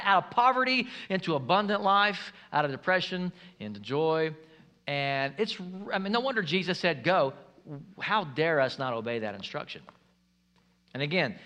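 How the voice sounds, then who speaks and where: A man preaching a sermon as pastor, energetic and emphatic, telling stories from the pulpit. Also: on the high side. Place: church sanctuary.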